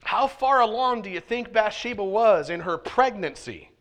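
A man preaching in church with a bright, forceful tone, pitched a little above the usual for men. He talks to the congregation casually, pushing hard on key points and then dropping low and close. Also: expressive, normal speed. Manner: conversational preaching, swings from loud emphasis to hushed asides. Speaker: pastor. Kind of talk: sermon. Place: church sanctuary.

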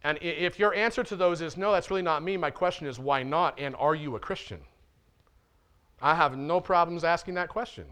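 A man with a high-pitched voice preaches a sermon to his church. He speaks directly and conversationally, often asking questions of his listeners. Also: fairly quick, pushed and bright. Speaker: pastor.

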